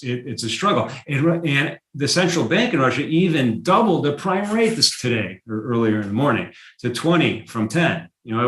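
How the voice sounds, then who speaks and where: A man hosting a live trading stream in a roomy, echoey space, talking loosely through price charts. He restarts sentences and drops fillers often. He perks up with excitement when a chart surprises him. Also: medium pitch. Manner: conversational, with frequent fillers and restarts; gets excited over charts. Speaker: market analysis host.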